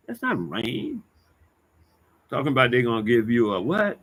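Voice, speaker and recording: A man's voice: mid-range voice, wildly swooping pitch, moderate pace, a bit bright. A man delivering a heated, profane monologue as a vlogger, circling back over the same points in loose street talk. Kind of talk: ranting monologue to camera.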